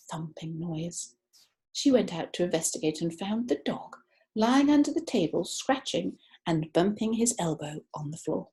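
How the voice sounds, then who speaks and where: Expressive woman reading a children's story. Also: fairly low pitch, vocal fry. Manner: expressive storyteller, stretching key words. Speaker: narrator.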